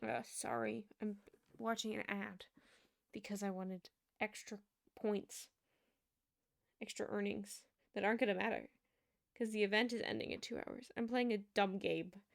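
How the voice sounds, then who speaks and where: A woman's voice: mid-range voice, fairly even intonation, measured pace, gravelly, pauses often. A young woman chatting casually on a livestream while she plays a game, giggling and trailing off mid-sentence. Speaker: streamer.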